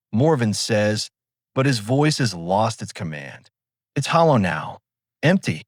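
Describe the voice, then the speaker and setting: A man giving calm, cinematic second-person narration of a sea story. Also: on the low side, unhurried, no room sound, clean studio sound. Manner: calm, dramatic.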